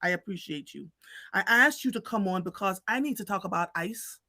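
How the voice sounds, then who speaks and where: A woman hosting a live show, telling stories in an animated, chatty way with many restarts. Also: medium pitch, a little fast, no room sound. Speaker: host. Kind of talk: casual storytelling chat.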